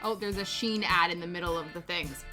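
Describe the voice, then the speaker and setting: A woman's voice: fairly low pitch, brisk, sharp tone, soft background music. A woman hosting a casual livestream, chatty and self-mocking as she crafts and chats. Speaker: livestream host.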